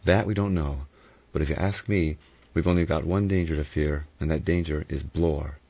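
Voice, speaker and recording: A man voicing a cool, sardonic adventurer who speaks in a soft, mocking way. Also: extremely low pitch, moderate pace, gravelly, slightly rough, no room sound, heavily acted. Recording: dull lo-fi recording.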